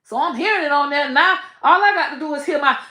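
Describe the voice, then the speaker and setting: Woman, profane rant, slightly high voice, echoey room. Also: fast talker. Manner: blunt, profane, animated, trails off and restarts. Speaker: online comedian and commentator. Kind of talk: casual profane rant to camera.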